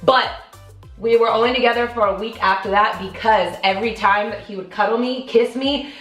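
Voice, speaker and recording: A woman's voice: fairly high pitch, fairly quick. A young woman co-hosting a casual chat, telling a personal story animatedly and acting out the voices of the people in it. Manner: animated, acts out quoted voices. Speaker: co-host. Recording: roomy echo with faint music.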